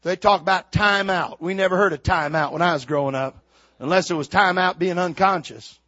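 An older man preaching a sermon, swinging from shouted exhortation to quiet, folksy storytelling. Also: high-pitched, a little fast, no room sound, lo-fi sound. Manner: fiery preaching, builds to shouts then drops to quiet storytelling.

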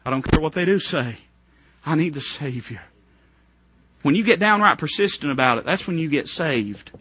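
A man preaches a fervent revival sermon, his high voice leaping up and down as he moves from hushed pleading to near shouts. His tone is bright and forceful, and the recording is dry and a little dull. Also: animated, normal speed, husky, no room sound. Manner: fervent, swings from hushed to shouting, rhetorical questions.

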